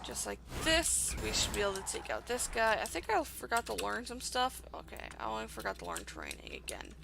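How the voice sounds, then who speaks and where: A woman's voice: a little high, sing-song, fairly quick, gravelly, background noise. Chatty young woman narrating gameplay. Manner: chatty, with many fillers. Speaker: let's play host. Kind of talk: casual gameplay commentary.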